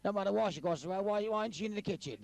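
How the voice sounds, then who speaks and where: A man interviewing people for jokes, jovial and quick to laugh. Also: high voice, creaky. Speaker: street interviewer collecting jokes. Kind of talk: vox-pop banter.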